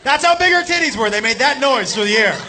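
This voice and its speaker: High-voiced man doing stand-up. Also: fast talker. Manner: animated, shouting punchlines, crude. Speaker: stand-up comedian. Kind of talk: stand-up storytelling. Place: comedy club stage with laughing audience. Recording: live club recording with crowd noise.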